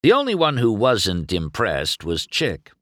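A man reading a storybook aloud as narrator in an expressive storytelling manner. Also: on the low side, unhurried, dry recording, studio quality.

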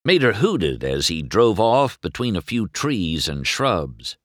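A man narrating a children's storybook aloud in a slow, expressive storytelling manner. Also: low-pitched, no room sound, studio quality.

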